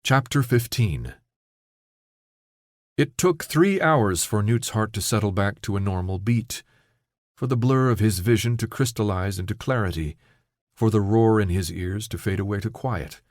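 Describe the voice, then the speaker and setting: A man narrates an audiobook in a steady, measured telling with a somewhat low voice. The recording is dry and close on a studio mic, with no room sound. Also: dry recording.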